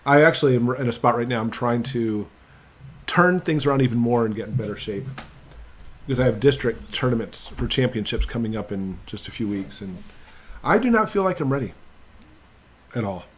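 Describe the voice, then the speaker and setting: A man hosting a casual live stream from his computer, greeting viewers by name and chatting with them. His voice sits at an ordinary middle pitch. He keeps a loose, friendly flow of hellos and small talk. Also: animated, moderate pace, pauses often. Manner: greets viewers by name one after another, chatty and upbeat.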